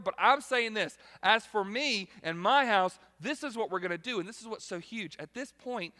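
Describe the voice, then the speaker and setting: A man preaching a sermon as pastor, animated and acting out quotes, shifting between loud and quiet. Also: sits high. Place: large church hall. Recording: long hall reverb.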